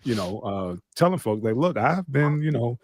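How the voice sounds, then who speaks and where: Laid-back halting man on a podcast. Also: medium pitch, expressive, a little mellow, no echo. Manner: laughing, agreeable, halting restarts. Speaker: podcast co-host. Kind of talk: casual profane banter.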